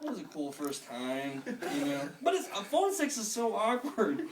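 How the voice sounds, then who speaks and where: Young male amateur comic, crude and giggly, pitched a bit high, taped from across a noisy room. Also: wildly swooping pitch, moderate pace. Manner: crude, rambling, laughing at his own jokes. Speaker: stand-up comedian. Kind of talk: amateur stand-up set. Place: room at home. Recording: echoey room, camera far off, noisy.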